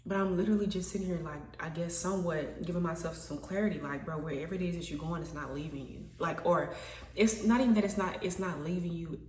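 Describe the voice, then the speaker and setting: A woman with a low voice talks straight to her camera, rambling and thinking aloud as she questions herself. She stumbles and repeats words, a little self-conscious. The room is echoey, with a faint hum underneath. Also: fast, a little mellow, distant mic. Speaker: vlogger. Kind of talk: casual reflective monologue to camera.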